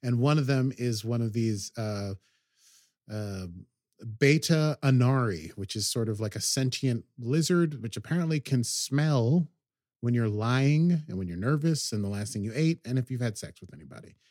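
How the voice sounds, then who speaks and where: A man of middle pitch talks casually through a story recap, wandering off track and circling back with plenty of ums and half-finished phrases. His voice sits close and dry, with no room sound around it. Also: animated, moderate pace, a little mellow, no echo. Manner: rambling, hesitant, many ums and restarts. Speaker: podcast host.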